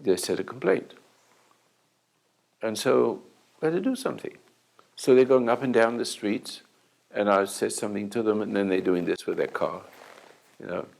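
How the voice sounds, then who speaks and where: An older man speaking as a self-help teacher tells an anecdote to an audience, halting and restarting as he acts out the dialogue. His voice sits on the low side, gravelly and darkish, in a low-quality recording.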